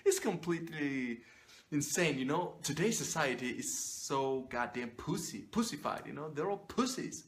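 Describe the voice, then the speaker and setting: A man's voice: on the high side, lively intonation, moderate pace. A young man coaching on personal image in a blunt, profane, emphatic monologue to camera.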